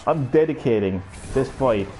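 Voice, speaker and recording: A young man giving excitable, profane, sarcastic commentary while streaming a fighting game. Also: medium pitch, moderate pace. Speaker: gaming streamer. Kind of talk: live gameplay commentary. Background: game music.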